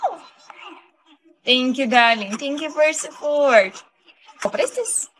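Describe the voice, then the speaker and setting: A woman's voice: a little high, animated, measured pace, a bit bright, slight background noise. A young woman from Belarus hosting a casual live stream, greeting viewers one by one in English, her voice a little sick. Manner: greets viewers one by one, giggly, non-native phrasing. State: slightly sick voice.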